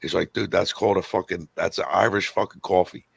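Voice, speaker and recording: A man's voice: deep voice, fairly even intonation, a little fast, gravelly, slightly rough. A man in his fifties co-hosting a podcast, telling blunt, swearing stories and acting out what people said. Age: 50s. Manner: blunt storyteller, swears, acts out quotes. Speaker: podcast co-host. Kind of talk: casual pub-style chat.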